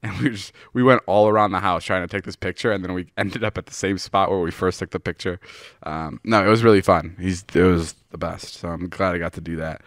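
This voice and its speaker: A man hosting a podcast in a studio, telling a story in an excitable, casual way, swearing often and using lots of fillers. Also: low voice, brisk, no room sound. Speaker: podcast host. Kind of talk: casual chat.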